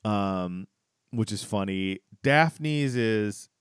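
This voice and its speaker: Male podcast co-host, smooth clear voice, dry close sound, loose rambling recap delivery. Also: lowish voice, lively intonation, drawn-out words, no room sound. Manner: rambling, many restarts, laughing asides. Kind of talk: casual chat recapping a sitcom.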